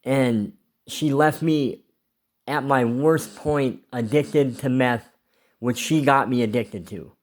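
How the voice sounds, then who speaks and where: A man's voice: medium pitch, slow pace. A man telling a rambling, emotional personal story in a casual confessional vlog, swearing freely. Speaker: vlogger.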